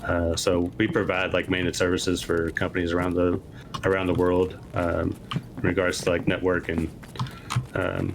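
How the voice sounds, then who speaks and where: A man from Kentucky playing along with a streamer, answering questions in a relaxed, hesitant way. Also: low-pitched, moderate pace, creaky, noisy background. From Kentucky, USA. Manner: relaxed, hesitant, many fillers and restarts. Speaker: guest player. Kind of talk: casual gaming chat.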